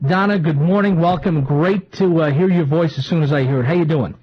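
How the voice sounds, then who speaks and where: A man hosting a live talk radio show from a small studio, rambling and excitable, often restarting his sentences. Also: fairly high pitch, a little fast. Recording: lo-fi radio broadcast.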